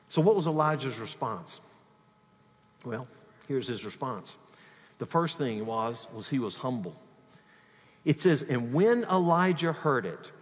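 A male pastor preaching a sermon, swinging from loud emphatic peaks to quiet asides. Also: fairly high pitch. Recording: long reverb of a hall.

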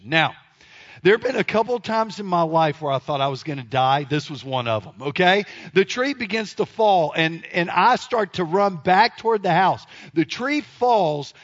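A man, telling a self-deprecating story to an audience in an animated, comic way. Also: high-pitched. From Memphis area, United States. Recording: dull lo-fi sound.

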